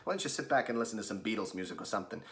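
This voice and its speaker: A man's voice: on the low side, expressive, rapid-fire, a bit bright. A man voicing a brash, impatient New York man in a New York accent. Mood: exasperated. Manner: brash, exasperated.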